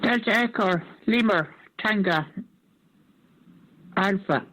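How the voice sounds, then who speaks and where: Slow-spoken bright man, casual call sign check-in. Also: high-pitched, slight background noise, low-quality recording. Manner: offhand, laid-back. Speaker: radio operator.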